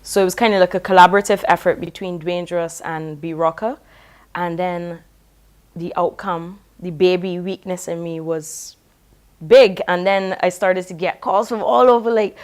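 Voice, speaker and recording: A woman reggae singer, reflecting in a relaxed, casual interview. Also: fairly low pitch, normal speed. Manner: relaxed, reflective, with many "you know" fillers.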